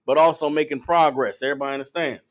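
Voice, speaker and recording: Guy teaching a bible lesson, high voice, blunt and cussing, keeps checking if y'all follow. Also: steady tone, fast. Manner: emphatic, profane, questioning. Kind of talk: call-and-response scripture teaching.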